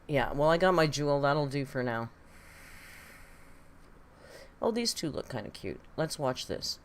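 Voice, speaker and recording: A woman's voice: sits low, lively intonation, moderate pace, slight background noise. A woman hosting a casual live-stream reaction, chatty and exclamatory with some swearing. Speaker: livestream reaction host.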